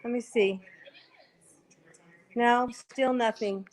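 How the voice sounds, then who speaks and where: A woman with a high voice joins a video call. She sounds flustered and repeats herself while she fights with her settings. Her voice comes in quietly over the call. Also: steady tone, slow pace. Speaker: host's mother joining the call. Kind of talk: casual chat.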